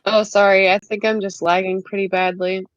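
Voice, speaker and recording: A woman's voice: medium pitch, level tone, normal speed, no echo. A woman joining a live chat as a guest over a call, teasing with light sarcasm. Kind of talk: casual chat. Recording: dull lo-fi call audio.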